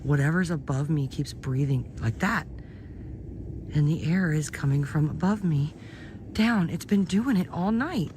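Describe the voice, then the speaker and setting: A live streamer films herself on a handheld phone camera in snowy woods at night, frightened and often whispering. Her voice is deep, animated and unhurried with a darkish tone, and there is slight background noise.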